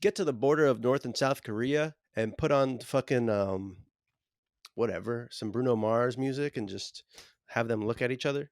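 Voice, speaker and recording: A man co-hosting a podcast with a gravelly, rough-edged voice. He delivers crude jokes in a flat, deadpan way. The sound is dry and close, from a remote call mic. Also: medium pitch, moderate pace, dry recording. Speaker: podcast co-host. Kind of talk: casual crude banter.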